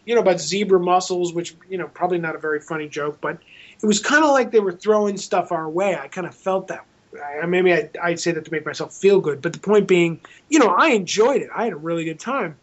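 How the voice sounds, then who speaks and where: Man spinning a lively anecdote, dull audio. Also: high voice, fairly quick. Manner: lively storyteller who acts out both sides of dialogues, with frequent restarts. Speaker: film director, podcast guest. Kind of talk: storytelling anecdote in an interview. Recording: dull lo-fi sound.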